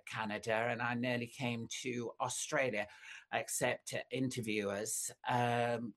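An older woman, a singer telling long anecdotes in an interview, full of fillers and sudden jumps up in pitch. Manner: rambling storyteller, many fillers, camp asides, pitch leaps up when excited.

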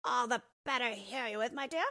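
A woman's voice: a little high, a little fast, voice pushed up. A woman doing a wily wolf faking a granny voice. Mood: falsely sweet. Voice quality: croaky. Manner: falsely gentle.

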